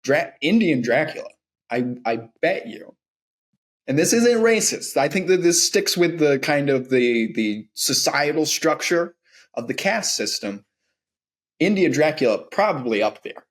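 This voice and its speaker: A man's voice: on the high side, lively intonation, a little slow. A man co-hosting a comedic podcast, riffing and rambling through jokes in casual chat. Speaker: podcast co-host.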